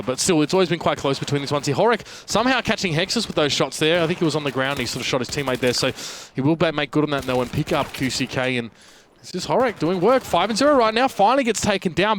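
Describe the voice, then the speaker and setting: A man's voice: a little high, a little hiss or hum. A man with an Australian accent giving chatty live play-by-play commentary on a competitive video game match. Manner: fast, chatty play-by-play with fillers. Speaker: esports caster.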